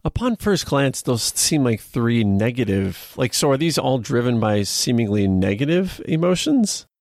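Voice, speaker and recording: A man's voice: big pitch swings, normal speed, a little mellow, no echo, clean studio sound. A man hosting a podcast interview, talking in a rambling, eager way with many restarts. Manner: rambling, restarts, often rises in pitch when eager. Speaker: podcast host.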